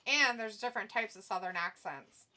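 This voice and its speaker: A woman's voice: medium pitch, moderate pace, pushed and bright. A woman co-hosting a live stream, chatting casually, teasing and laughing often while reading viewer comments. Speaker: stream co-host.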